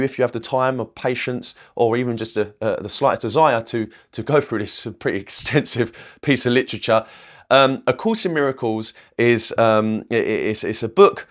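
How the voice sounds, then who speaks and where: Speaking directly to the camera, a young man working as a manifestation coach uses an ordinary mid-range voice. He wanders and repeats himself, tosses in casual swearing, and keeps checking in with "okay?" and "right?".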